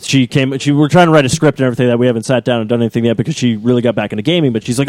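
A man chatting casually as a guest on a podcast, animated and quick to slip into funny voices. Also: medium pitch, no echo. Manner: animated, slips into impressions. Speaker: guest impressionist.

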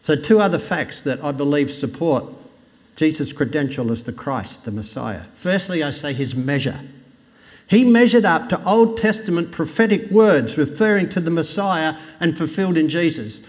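A man preaching a Sunday sermon in a conversational way, lifting his voice for emphasis and dropping it low when he quotes scripture. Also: lively intonation, normal speed. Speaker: pastor. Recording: long reverb of a church hall.

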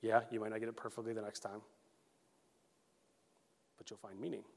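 A man in his thirties preaching a sermon as pastor, casual and animated, slipping into quick acted quotes. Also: fairly low pitch, gravelly. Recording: long reverb of a large hall.

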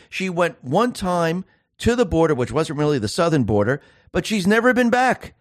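A man's voice: high voice, sing-song, brisk, no echo, clean studio sound. A man hosting a solo political commentary show, speaking emphatically and firing off sarcastic rhetorical questions.

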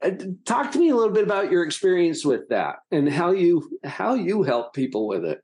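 A man's voice: high voice, sing-song, fairly quick, darkish tone. A man hosting a radio interview, asking questions and giving short encouraging replies. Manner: brief encouraging backchannels. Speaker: radio show host.

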